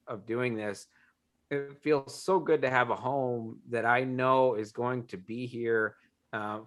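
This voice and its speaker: A man's voice: medium pitch, a bit bright. A man speaking earnestly as an interview guest, reflective and full of fillers, over a video call. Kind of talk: casual interview talk.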